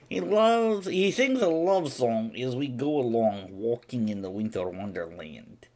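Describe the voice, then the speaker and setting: A boastful, vodka-soaked Siberian, put on by a man rambles in broken English with a thick Russian accent. His deadpan jokes swing up and down in a lively, animated pitch over a mid-range voice. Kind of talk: comedic character monologue on a live stream.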